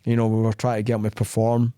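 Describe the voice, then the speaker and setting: This man speaks quickly in a fairly low, smooth voice, captured cleanly in a studio without echo. Hosting a casual podcast, he is blunt and plain-spoken, acting out the lines of dialogue as he tells his stories with animation.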